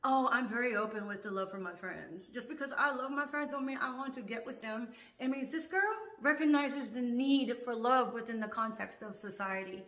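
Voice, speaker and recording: A woman's voice: fairly high pitch, moderate pace, hardly any pauses, fairly bright tone, roomy sound. A woman in a casual monologue, laughing often, swearing freely and dropping into whispers.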